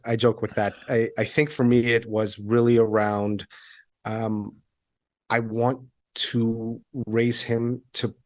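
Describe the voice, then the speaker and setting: A man in his thirties, a podcast guest, talking candidly, laughing often and acting out quoted lines in a raised voice. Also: medium pitch. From Iranian heritage. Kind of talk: conversational interview.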